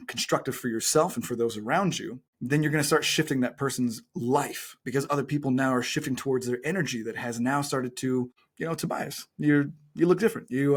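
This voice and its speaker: A man speaking as a guest business coach in a podcast conversation, earnest and motivational, stretching key phrases out slowly for emphasis. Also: mid-range voice.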